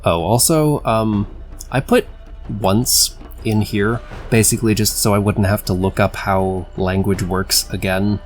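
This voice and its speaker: A man's voice: on the low side, steady tone, unhurried, soft background music. A man casually explaining the grammar of his invented language, wry and self-correcting, with the odd swear. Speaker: conlang video creator. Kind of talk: casual screen-share lesson.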